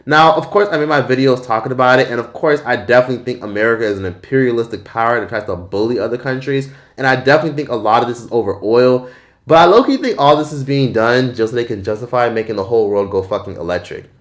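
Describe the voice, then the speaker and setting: Canadian-accented male vlogger, mid pitch, blunt and profane casual rant. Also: fast talker.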